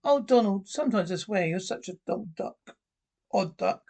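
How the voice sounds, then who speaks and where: A woman's voice: mid-range voice, expressive, normal speed, creaky, darkish tone. An actress playing a vain, fussy wife who scolds her husband in a TV drama. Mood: fussing. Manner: exasperated, scolding.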